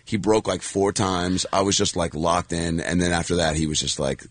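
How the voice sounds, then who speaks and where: This man has a low, deep voice and tells his stories in a loose, chatty ramble, full of fillers and restarts. He slips into lively put-on voices when quoting people. The sound is close and dry, with no room echo. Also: normal speed. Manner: animated storyteller who acts out quoted voices. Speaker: actor and guest. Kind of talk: casual anecdotal chat.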